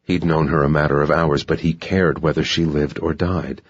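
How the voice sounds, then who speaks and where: A man narrating an audiobook in a slow, measured delivery. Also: a bass voice, fairly even intonation, breathy edge, no room sound. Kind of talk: scripted narration. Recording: dull dry audiobook recording.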